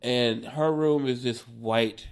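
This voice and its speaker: A man in his forties, a stand-up comedian, telling a wild road story on a podcast in an animated, profane way and laughing as he goes. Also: mid-range voice, takes it slowly, gravelly, smooth.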